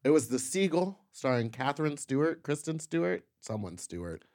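Wry man with a lively, swinging voice. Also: fairly high pitch, normal speed. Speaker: podcast guest. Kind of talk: casual chat.

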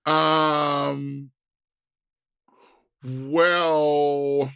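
A man's voice: fairly high pitch, little pitch movement, very slow, creaky, fairly bright tone, clean tone, no echo, studio quality. A man co-hosting a podcast in casual chat, laid-back and slangy, drawing his phrases out. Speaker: podcast co-host.

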